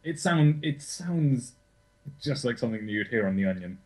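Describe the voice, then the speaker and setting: A man's voice: medium pitch, animated, normal speed, rough recording. A young man co-hosting a podcast in casual, sweary, self-correcting chat. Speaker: podcast co-host.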